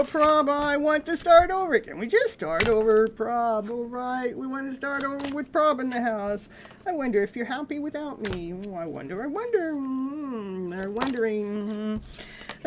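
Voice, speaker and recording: A middle-aged woman reads tarot cards on a live stream, talking loosely and laughing often between cards. Her voice sits a little high, with a faint hiss behind it. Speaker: live tarot reader and host.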